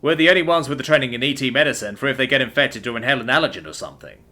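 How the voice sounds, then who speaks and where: A man's voice: mid-range voice, animated, rapid-fire, sharp tone. A man voicing a friendly young soldier speaking casually.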